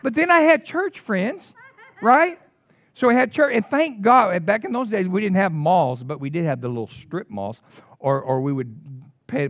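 An older man preaching a sermon in an animated storytelling way, with casual slang. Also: high voice, dry recording. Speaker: pastor. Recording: dull lo-fi dry recording.

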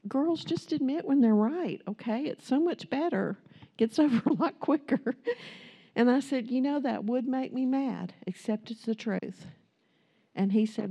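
Mellow-voiced woman preaching with candid storytelling. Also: fairly high pitch, a little slow. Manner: storytelling, chatty and candid, acts out quotes. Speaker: pastor's wife speaking to a congregation. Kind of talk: sermon-style testimony.

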